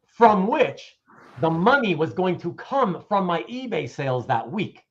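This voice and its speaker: Guy hosting a chat show, telling a story all animated, voice jumps up and down a lot, kinda high, dull lo-fi audio. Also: measured pace. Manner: animated storyteller, acts out both sides of a conversation. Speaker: show host. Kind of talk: casual chat, anecdote telling. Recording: dull lo-fi sound.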